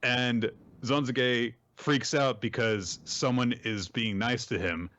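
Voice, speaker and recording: Male podcast host, casual, lively storyteller; slightly dull audio. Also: mid-range voice, slow. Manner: animated, jumps into silly character voices for quotes. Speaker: podcast host recapping manga. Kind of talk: casual chat, summarizing with voiced quotes.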